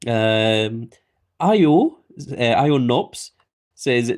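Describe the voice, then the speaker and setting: A man's voice: medium pitch, animated, normal speed. A Scottish man live streaming in a casual way, reading viewer comments aloud and chatting back. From Scotland.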